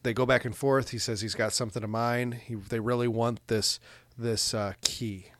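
A man co-hosting a podcast casually recaps a movie, laughing often and cracking crude jokes in an animated retelling. His voice is medium-pitched at a moderate pace, with no room sound.

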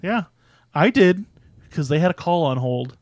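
A man with a slightly high voice chats casually about a movie with friends. He retells the scenes with energy and drops into quick acted-out quotes. His delivery is loose and full of fillers. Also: animated, a little mellow, no room sound.

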